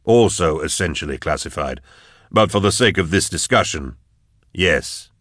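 A man's voice: low voice, normal speed, dry recording, studio quality. A man voicing a grim, curt investigator. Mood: cold. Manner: curt, flat, clipped. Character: grim cold male investigator, weary and curt. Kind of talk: audiobook narration.

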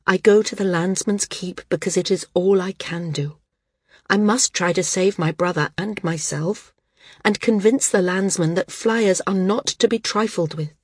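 A determined heroine, read by a woman narrator, earnest and resolute. Her voice is slightly husky and sits a bit low, recorded close and dry with no room sound. Audiobook character reading. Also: normal speed, no room sound. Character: determined woman flyer facing danger.

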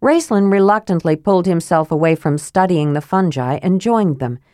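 A woman narrating a fantasy novel in a steady, even reading voice. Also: lowish voice, moderate pace, no room sound, studio quality. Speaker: audiobook narrator.

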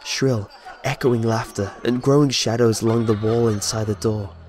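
A man's voice: medium pitch, steady tone, normal speed, a little mellow. A man telling a first-person horror story with tense, dramatic narration. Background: faint music.

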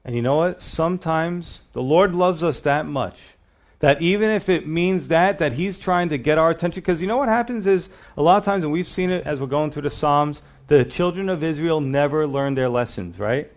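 A man's voice: a little high, moderate pace. A middle-aged male pastor teaching a sermon verse by verse, reading scripture aloud and asking his listeners rhetorical questions in a conversational preaching manner.

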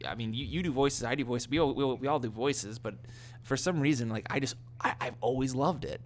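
A man co-hosting a casual chat about doing voices, rambling and halting with frequent laughs. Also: mid-range voice, a little hiss or hum. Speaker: podcast co-host. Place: living in the American South.

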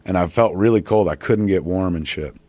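Casual male storyteller, swears a lot, rambles; low voice, dry close mic. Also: brisk, darkish tone, no echo. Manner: profane, rambling anecdote with acted-out quotes. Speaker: podcast guest.

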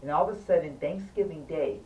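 A low-voiced woman tells her story as a patient in an easygoing way, pressing each point hard and urging her listener on. She sits some distance from the mic in an echoey room with faint noise behind. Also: a little fast, a little mellow. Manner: emphatic and insistent, keeps urging the listener to listen. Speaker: patient recounting a hospital stay. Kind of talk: casual storytelling in an interview.

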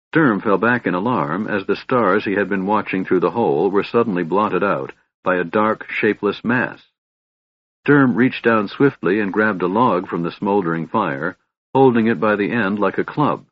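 A man narrates a fantasy audiobook in a measured, steady delivery. His voice is fairly low and husky, recorded close and dry, with slightly dull audio. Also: dry recording.

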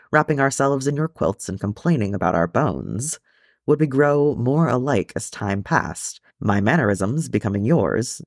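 A man voicing the ghost of a dwarf king, gruff yet soft and tender. The low voice is gravelly, and the pitch rises and falls widely. It is a dry, close storybook recording. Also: no room sound.

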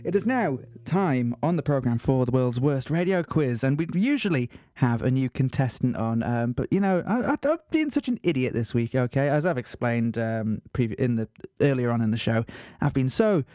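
A man's voice: mid-range voice, animated, moderate pace, hardly any pauses, dark tone, no echo, clean studio sound. A man presenting a radio show in a mock-serious, self-mocking monologue. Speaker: radio host.

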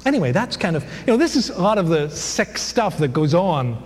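A man's voice: high voice, big pitch swings, a little fast. A man giving a humorous Bible lecture to an audience, chatty and digressive, with many fillers and jokes. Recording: long hall reverb, faint noise.

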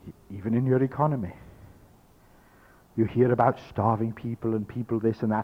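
A man's voice: medium pitch, fairly even intonation, a little fast, pauses often, muffled recording. A man teaching a spiritual workshop, speaking as "we", emphatic and repetitive, acting out his listeners' thoughts. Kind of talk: workshop lecture to an audience.

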